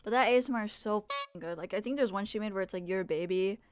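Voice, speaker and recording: A young woman streaming live, chatting casually to her viewers in a rambling, self-deprecating way, filling her talk with "like" and quick asides to chat. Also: medium pitch, no room sound, faint music behind.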